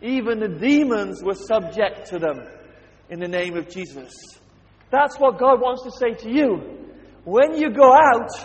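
A man's voice: extremely high pitch, big-room sound. A man preaching a sermon, emphatic and constantly asking his congregation questions.

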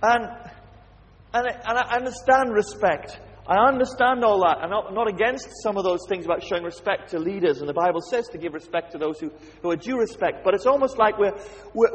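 A man's voice: high voice, a little fast, long reverb tail. A man preaching a sermon, emphatic and constantly asking his congregation questions.

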